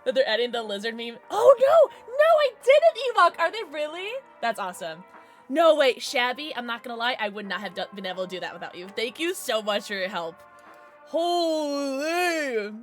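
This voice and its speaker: A woman streaming a game, chatting casually and excitably with quick exclamations, swearing and laughing often. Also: a little high, faint music behind. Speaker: livestreamer. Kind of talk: casual gameplay commentary.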